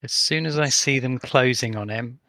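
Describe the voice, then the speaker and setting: A man's voice: mid-range voice, moderate pace, bright, forceful tone, dry recording. Careful man planning moves in a tabletop game. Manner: careful, asks clarifying questions. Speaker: player.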